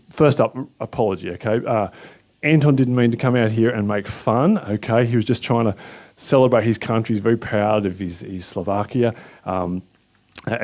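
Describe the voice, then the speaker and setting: A man with an Australian accent hosting a casual Bible talk, relaxed and chatty with frequent fillers. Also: medium pitch. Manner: relaxed, chatty, lots of uh and restarts. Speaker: host and Bible teacher.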